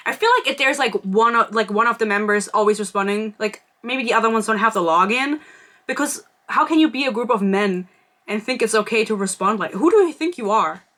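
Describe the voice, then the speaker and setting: A woman's voice: a little high, fairly quick, a bit bright. A young woman from Germany hosting a podcast, telling a gossipy story in casual chat and filling her talk with "like". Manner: chatty, gossipy storytelling with frequent "like" fillers. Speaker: podcast host.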